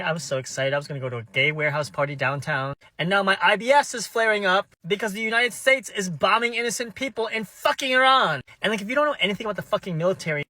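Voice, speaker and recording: A high-voiced man with a bright, sharp tone fires off a profane, exasperated rant. His complaints tumble out one after another. The recording is dry and close. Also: no room sound. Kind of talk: angry political rant.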